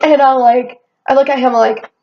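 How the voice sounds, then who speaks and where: A young woman telling a casual storytime rant, animated and swearing, quoting herself as she goes. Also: high-pitched, brisk. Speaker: vlogger. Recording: dull lo-fi sound.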